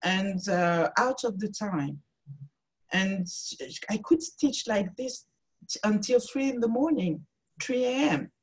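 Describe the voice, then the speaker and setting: A woman's voice: medium pitch, lively intonation, slow pace, breathy edge, low-quality recording. A woman artist speaking as a guest on a video-call interview, thoughtful and searching for her words. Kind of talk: reflective interview talk.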